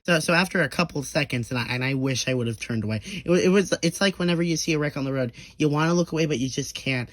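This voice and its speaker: A man's voice: on the high side, fast, few pauses, dry recording. A young man telling a rambling, profane story in a casual storytime monologue, full of stammers and restarts, briefly acting out the people he quotes. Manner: acts out quoted people in short bursts.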